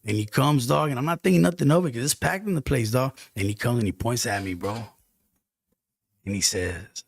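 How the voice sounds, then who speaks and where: Gravelly man telling an earnest testimony. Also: medium pitch, a little fast, no room sound. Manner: earnest, heartfelt testimony with street slang. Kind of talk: casual storytelling.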